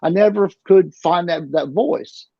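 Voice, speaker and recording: A middle-aged man tells his story in a gravelly, slightly raised voice, circling back and repeating himself as he goes. The recording is dull and lo-fi, and the sound is dry and close. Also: sits high, measured pace, no echo. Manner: rambling, repeats and restarts words. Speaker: interview guest. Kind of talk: casual storytelling.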